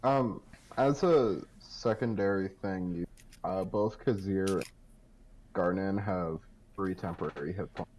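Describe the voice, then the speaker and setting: A man plays a tabletop game over voice chat. He speaks hesitantly and fills his pauses with uhs. His voice is fairly low, with a faint hiss in the background. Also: darkish tone, rough recording. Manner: hesitant, with frequent fillers. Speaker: player.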